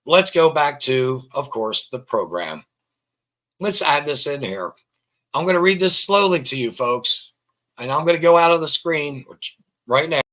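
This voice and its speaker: Host, man, bright tense voice, slightly high, rambling scornful commentary. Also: expressive, unhurried. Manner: rambling, repeats phrases, scornful. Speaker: online show host. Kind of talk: casual commentary reading out records.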